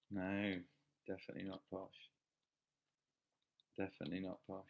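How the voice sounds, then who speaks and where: A man's voice: sits low, normal speed, pauses often, a little mellow, low-quality recording. Chatty man streaming. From England. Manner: chatty, jokey, reads comments aloud. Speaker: streamer reading chat. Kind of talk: casual live-stream chat.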